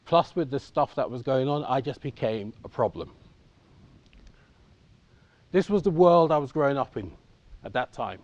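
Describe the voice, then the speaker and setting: A man's voice: mid-range voice, animated, moderate pace, long pauses, a little mellow, dry recording, highs cut off. Candid English man telling his life story. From England. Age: 50s. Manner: candid, conversational, checks in with the audience. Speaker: conference speaker. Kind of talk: personal storytelling talk.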